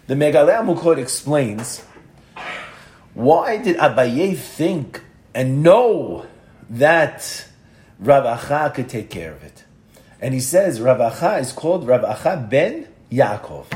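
An older man teaching a Talmud passage as a lively story, acting out the voices in it. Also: on the high side, roomy sound. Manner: lively storyteller, acts out voices, sprinkled with Hebrew terms. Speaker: Torah teacher. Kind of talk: animated Talmud storytelling class.

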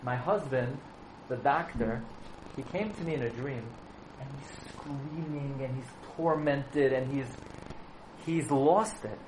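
A man telling a story in a sermon, with animated, dramatic delivery. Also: mid-range voice, slow. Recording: echoey room with faint background noise.

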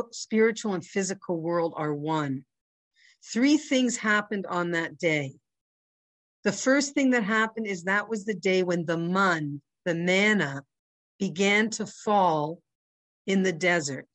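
A woman with a Canadian accent teaches an informal religious class at an ordinary pitch. She talks conversationally and keeps checking in with her listeners. The recording is dry and close. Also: dry recording. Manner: conversational, checks in with "right?" and "you know".

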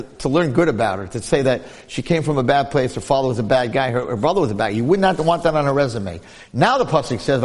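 A man giving a lively Torah class, storytelling and asking rhetorical questions while acting out the people he quotes. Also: a little high. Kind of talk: animated Torah lecture with storytelling. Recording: long hall reverb.

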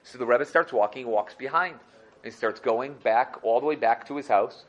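A man teaching a Torah class, telling a story in a lively way and repeating phrases for emphasis. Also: medium pitch, moderate pace, dull audio.

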